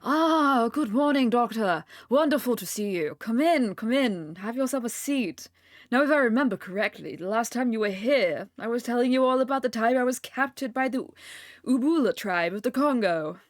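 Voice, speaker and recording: A woman's voice: a little high, animated, moderate pace, no room sound, clean studio sound, natural voice. A woman voicing a pompous old male explorer with a put-on British accent, blustering and grandiose. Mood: jovial. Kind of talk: stream read-along voice acting.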